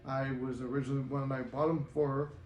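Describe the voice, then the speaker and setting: Speaking fairly quickly in a level, darkish, medium-pitched voice, a man vlogs from his apartment about manifestation, rambling, cursing and cheering his viewers on. No decent microphone is used, so the sound is muffled, echoey and carries faint noise.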